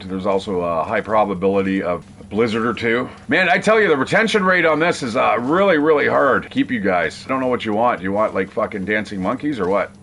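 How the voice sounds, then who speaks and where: While playing a survival video game, a gaming streamer chats to viewers with casual, rambling commentary and occasional swearing. His voice is fairly low in pitch yet fairly bright in tone, with a little hiss or hum on the recording.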